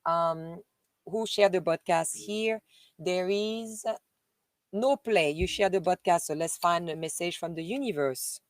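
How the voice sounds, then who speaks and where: A woman from Paris speaks in a fairly low, unhurried voice, her French accent clear over a dry recording. Hosting a laid-back live stream, she chats warmly, laughs often, and calls her audience "dear."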